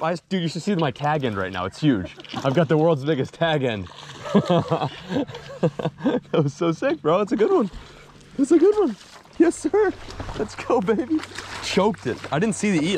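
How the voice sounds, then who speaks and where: A young man vlogging from a fishing boat outdoors, excited and slangy, laughing often as he talks. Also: medium pitch, slight background noise. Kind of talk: excited outdoor vlog chat. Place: boat on open water outdoors.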